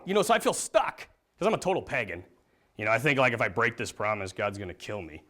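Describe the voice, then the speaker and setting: Animated storytelling priest, a man. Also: mid-range voice, fast. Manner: lively, dramatic swings from hushed to excited, laughs often. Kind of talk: animated storytelling talk to an audience.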